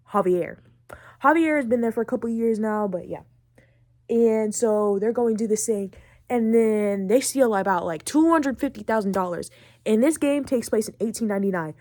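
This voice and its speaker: A woman's voice: mid-range voice, dry recording. Rambling teenage girl podcaster, dry sound. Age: late teens. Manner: rambling and excitable, many fillers. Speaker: podcast host. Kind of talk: casual chat recapping a video game.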